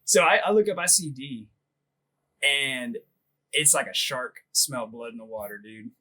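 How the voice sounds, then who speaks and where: A man's voice: mid-range voice, a little slow, sharp tone, low-quality recording. A man casually telling a long story on a podcast, laughing often, swearing freely and filling his speech with "like.". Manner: laughing, profane, rambling with lots of "like". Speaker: podcast host.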